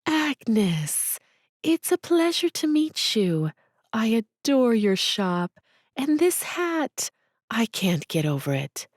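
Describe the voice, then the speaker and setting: A woman voicing Aaliyah, a young woman who gushes in an effusive, breathy way in a storybook audiobook. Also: sing-song, unhurried, mellow, no room sound, clean studio sound. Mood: gushing. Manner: high, effusive, breathy gushing. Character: young woman, gushing and starstruck.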